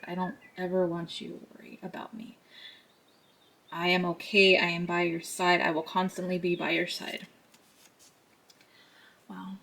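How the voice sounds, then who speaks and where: A woman giving an intuitive card reading to her viewers, speaking softly and emotionally, sometimes close to tears. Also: fairly low pitch, low-quality recording. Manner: soft, emotional, near tears, laughing at herself. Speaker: tarot reader.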